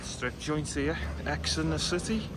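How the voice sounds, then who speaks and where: A man's voice: fairly high pitch, animated, a little slow. A man with a Liverpool accent giving a chatty, blunt walking tour commentary outdoors as a vlogger. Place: outdoors on city streets. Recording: street traffic noise behind.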